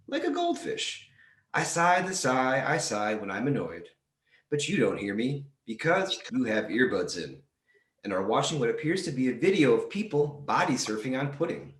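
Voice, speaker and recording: A man reading short comic prose aloud at a library storytime, with a dry, deadpan delivery. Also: mid-range voice. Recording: roomy echo.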